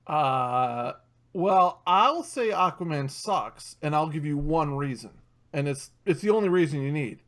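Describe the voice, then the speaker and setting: A man hosts a casual podcast chat, his voice a bit high for a man. He is blunt and teasing and swears freely. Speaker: podcast host.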